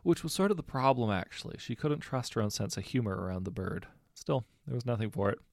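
A man narrating a fan fiction audiobook in a steady, wry storytelling manner. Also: mid-range voice, fast talker, vocal fry, dry recording, studio quality.

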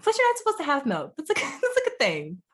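A woman's voice: high voice, wildly swooping pitch, quick pace. A young woman co-hosting a podcast in playful, jokey casual chat, laughing often. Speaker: podcast co-host.

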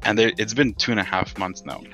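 Low, bright-toned profane man ranting. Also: fairly even intonation, fast, soft background music. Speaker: podcast co-host. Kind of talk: casual chat.

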